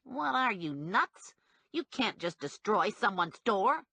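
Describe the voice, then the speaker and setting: A frantic small man screeches and whines, as a woman narrator puts him on in an audiobook. His voice is bright and jumps around wildly in pitch, with a slightly breathy edge. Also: big pitch swings, slow pace, no echo, heavily acted. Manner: shrill and hysterical. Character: frantic, whiny small man cornered and lashing out.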